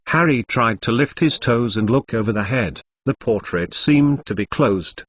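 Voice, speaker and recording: A man narrating a storybook chapter, reading plainly through a rough translation. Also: medium pitch, lively intonation, a little slow, few pauses, no room sound.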